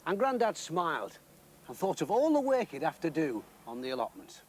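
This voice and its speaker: A man narrating a comic story in a lively, sing-song way. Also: on the high side, moderate pace, a little hiss or hum.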